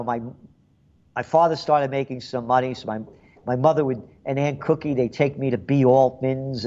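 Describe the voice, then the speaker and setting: A man's voice: medium pitch, muffled recording. An older man hosting a call-in radio show, rambling and sarcastic, often repeating words. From the Bronx, New York. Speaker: radio talk show host.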